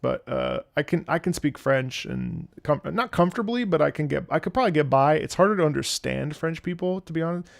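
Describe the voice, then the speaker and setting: A man's voice: a little high, expressive, fairly quick, creaky, few pauses, no echo, studio quality. A young man streaming, chatting casually in a rambling way, laughing and swearing freely. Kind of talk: casual live-stream chat.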